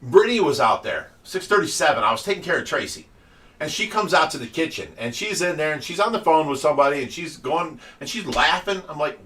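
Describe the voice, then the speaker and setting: A man's voice: fairly high pitch, sing-song, fairly quick, sharp tone. A man hosting a casual livestream for a fish rescue, telling stories and laughing often. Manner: chatty storyteller who laughs often. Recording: voice distant from the mic.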